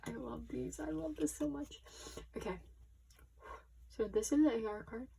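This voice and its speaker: A young woman unboxing albums at her desk in casual commentary. She gushes excitably, her voice shaky, often dropping to a near whisper. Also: high-pitched, normal speed, vocal fry, long pauses, slight background noise, poor audio. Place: small room at her desk.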